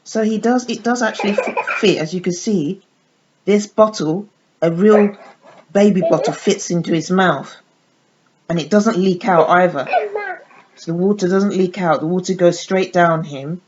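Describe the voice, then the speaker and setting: A woman's voice: on the low side, moderate pace, a little mellow. Chatty woman cooing over baby dolls. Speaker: doll channel vlogger. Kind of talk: casual toy unboxing demo. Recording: dull lo-fi sound with faint noise.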